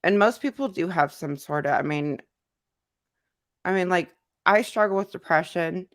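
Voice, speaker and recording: A woman with a cold hosts a casual livestream, reading comments from chat in a loose, conversational manner full of fillers and repeats. Her voice is lowish at a normal speed, in studio quality with no echo.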